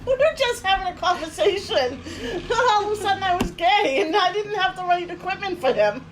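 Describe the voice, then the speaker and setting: A woman's voice: extremely high pitch, expressive, a little fast, background noise. A woman guest on a podcast, chatting casually with her sister and giggling often. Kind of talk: casual chat.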